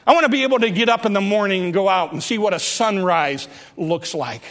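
A man's voice: high voice, fairly quick, a bit bright. A male preacher acting out a desperate blind beggar who pleads urgently in a sermon. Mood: longing. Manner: pleading, urgent, repeating himself.

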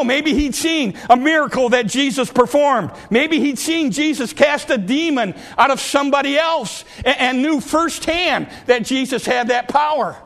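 A middle-aged male pastor in full sermon mode, with a notably high voice. He climbs to fervent, near-shouted peaks and then falls back to soft, confiding remarks to the congregation. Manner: preachy, rising to impassioned peaks and dropping to quiet asides.

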